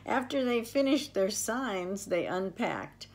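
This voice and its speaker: Slow older woman reading a storybook. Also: a little high, lively intonation. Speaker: children's storyteller.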